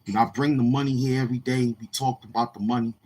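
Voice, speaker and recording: A man telling casual stories in a slangy, rambling way, often repeating himself and acting out other people in a higher voice. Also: steady tone, fast talker, a little mellow, slight background noise. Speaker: YouTuber. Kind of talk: casual street-talk storytelling.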